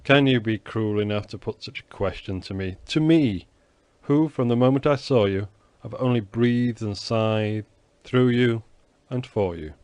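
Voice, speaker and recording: A man reading an audiobook, voicing a young swordsman who speaks in a gallant, theatrical and flattering way. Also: on the low side, normal speed, no echo, natural voice. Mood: ardent. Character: young male swordsman, ardent, flattering, sly.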